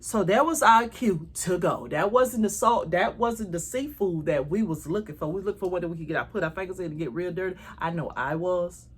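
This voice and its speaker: A woman telling a travel story to her viewers in a casual, animated way, swearing freely. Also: on the low side, moderate pace, few pauses, breathy edge.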